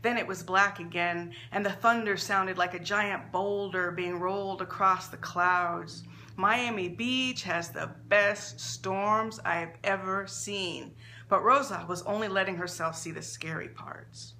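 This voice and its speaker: A woman author reading her own short story aloud in an expressive, measured storytelling manner. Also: medium pitch, a little hiss or hum.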